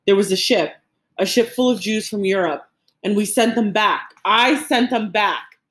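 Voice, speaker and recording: Guilt-haunted old grandfather read by a woman, earnest, mid-pitched, audiobook. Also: normal speed, reverberant, lightly acted. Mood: anguished. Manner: earnest, pleading, grief-stricken.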